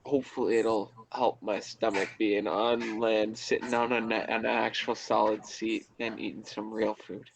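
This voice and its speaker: Gravelly casual male player. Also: on the low side, level tone, measured pace, hardly any pauses, noisy background. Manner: casual, chatty. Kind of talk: tabletop game table talk.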